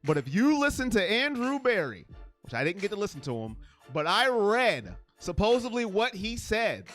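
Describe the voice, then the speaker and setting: Streaming sports host, casual and playful, very lively pitch, repeats lines for hype. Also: moderate pace, soft background music. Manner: animated and playful, teasing with exaggerated high-pitched repeats; hypes viewers, repeating phrases for emphasis. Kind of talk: casual live chat reading viewer comments.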